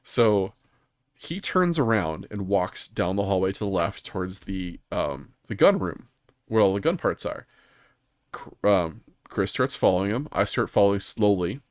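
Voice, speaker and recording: A man's voice: on the low side, expressive, measured pace, dry recording, studio quality. A man hosting a casual gaming podcast, telling stories in a rambling way with many ums and restarts. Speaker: podcast host.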